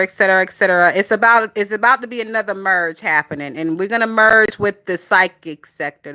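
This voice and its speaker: Running a gossip channel livestream, a woman chats casually with her viewers, swearing freely and laughing often. Her medium-pitched voice is bright, forceful, and smooth.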